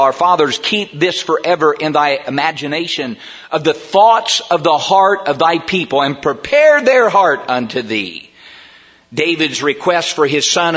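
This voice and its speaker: A man preaching a sermon in a church, emphatic and rising to near shouts on key words. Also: a little high. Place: church sanctuary. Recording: dull sound with long hall reverb.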